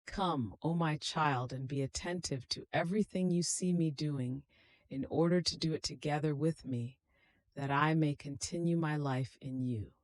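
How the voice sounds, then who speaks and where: A woman's voice: low-pitched, moderate pace, no echo, lightly acted. A woman reading the words of a suffering male Jesus in a solemn, prayerful way. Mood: tender.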